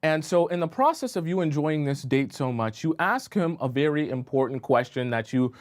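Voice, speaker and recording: A man's voice: fairly high pitch, lively intonation, normal speed. A man talking as a dating coach on a live-stream advice show, conversational and often checking in with his audience. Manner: conversational, checks in with rhetorical questions.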